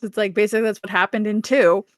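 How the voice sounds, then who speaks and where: A woman's voice: mid-range voice, quick pace, no echo. Woman, podcast co-host, casual book recap, acts out character lines, dry close sound. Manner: animated storytelling, acting out characters' lines with laughs.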